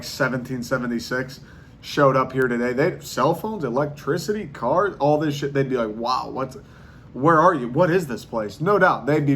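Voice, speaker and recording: A man's voice: mid-range voice, a bit bright, slight background noise. A man hosting a podcast, delivering a casual comedic monologue with incredulous ranting, slang and swearing. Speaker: podcast host.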